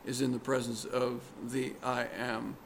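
A man preaching a sermon in a deliberate, earnest way, pressing hard on key words. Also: medium pitch, little pitch movement, a little hiss or hum.

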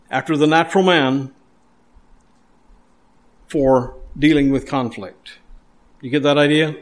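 A man preaches a sermon in an earnest, emphatic way, circling back over his words and restarting phrases as he builds a point. His voice sits a little higher than most men's. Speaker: pastor.

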